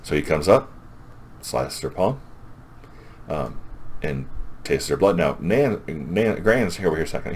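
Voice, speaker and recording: A man's voice: extremely low pitch, animated, slow pace, pauses often, slight background noise. A man casually retelling a comic's plot as a reviewer, rambling and enthusiastic.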